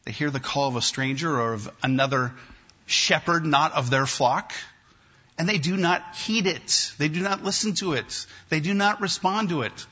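A male pastor preaching a sermon to his congregation, emphatic and repetitive, with slow deliberate pauses. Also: a little high, sharp tone, breathy edge. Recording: dull lo-fi sermon recording.

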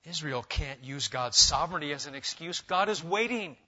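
A man preaching a sermon, his voice bright and forceful and a little higher than most. He moves between loud urging and hushed, intense lines. The recording sounds dull and lo-fi. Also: expressive, normal speed. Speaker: pastor. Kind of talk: expository sermon.

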